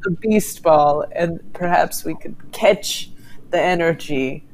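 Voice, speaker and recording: A woman at a tabletop game speaks in a lowish voice. Her delivery is playful and mock-grand. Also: slow, a little mellow, rough recording. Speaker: player. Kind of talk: tabletop role-play chat.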